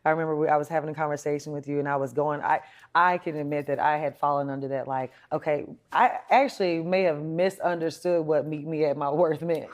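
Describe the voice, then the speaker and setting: A woman's voice: low-pitched, steady tone, fast, few pauses. A woman in a casual conversation, reflectively retelling an earlier chat. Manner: reflective, retells past talks with quotes. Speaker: guest in a conversation.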